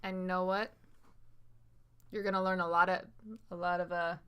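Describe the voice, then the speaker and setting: A woman's voice: fairly low pitch, level tone, moderate pace, fairly bright tone, clear, resonant tone. A woman streamer chatting casually and bluntly over a game, swearing freely. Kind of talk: casual gameplay chat.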